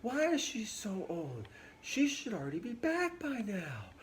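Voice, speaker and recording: A spoiled, impatient teenage girl whines in a thin falsetto, stretching her words with a valley-girl drawl, as a man puts her on. Her pitch sits far above a man's natural range, and she sounds bored and demanding. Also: wildly swooping pitch, a little slow, slight background noise, full character voice.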